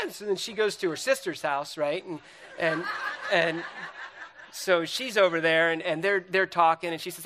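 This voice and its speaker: Guy preaching in church, fairly high voice, super animated, keeps going "and, and" and restarting sentences. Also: moderate pace, a little hiss or hum. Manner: animated, repetitive, stumbling restarts. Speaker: pastor. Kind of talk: sermon with a puppet illustration.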